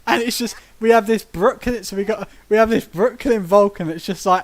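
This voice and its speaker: A man from Britain hosting a relaxed podcast chat. His voice sits on the higher side for a man. He tells lively tabletop game stories, acts out quotes and laughs easily. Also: normal speed. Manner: animated storyteller who acts out quotes and laughs often. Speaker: podcast host.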